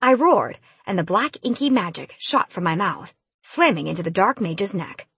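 A woman reading a first-person fantasy audiobook in an expressive, lively storytelling manner. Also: medium pitch, normal speed, slightly rough, dry recording. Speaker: audiobook narrator.

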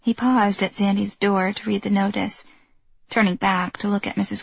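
Husky woman narrating an audiobook. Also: mid-range voice, little pitch movement, normal speed, no echo.

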